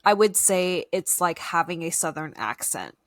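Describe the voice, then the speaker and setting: A young woman co-hosting a podcast, chatting in a bubbly, rambling way. Her voice sits a little low and sounds close and dry, with no room around it. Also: sing-song, a little slow, no room sound. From United States. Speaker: podcast co-host. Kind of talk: casual chat.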